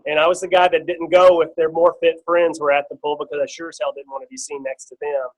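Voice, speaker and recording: A man's voice: on the high side, level tone, quick pace, poor audio. A middle-aged man telling a personal fitness testimony on a team call, casual and rambling, with lots of fillers and restarts. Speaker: guest speaker on a team call.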